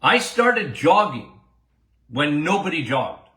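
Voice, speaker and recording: Older man, doctor answering listener questions, emphatic and repetitive, lively swooping pitch, slow deliberate delivery. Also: roomy sound. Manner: animated, emphatic, repeats himself, laughs often. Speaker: doctor and show host. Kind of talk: casual listener Q&A podcast.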